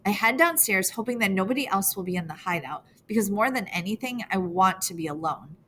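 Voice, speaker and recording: A woman's voice: mid-range voice, animated, brisk, fairly bright tone, slight background noise. Woman narrating a teen girl's story. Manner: earnest, emotional first-person reading. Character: teenage girl telling her own story. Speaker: audiobook narrator. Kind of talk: first-person novel narration.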